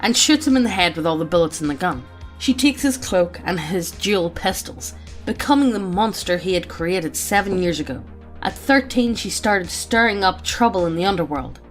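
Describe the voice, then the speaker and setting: A woman's voice: on the low side, expressive, normal speed, soft background music. A woman reading out a character backstory among friends, often breaking into laughter. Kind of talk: reading a backstory aloud with banter.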